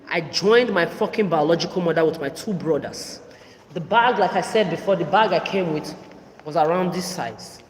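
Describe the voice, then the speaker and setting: A woman in her thirties delivering an angry, profane, accusatory solo monologue as a podcast host. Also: lowish voice. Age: 30s. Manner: furious, profane, accusatory ranting. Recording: reverberant room, faint background noise.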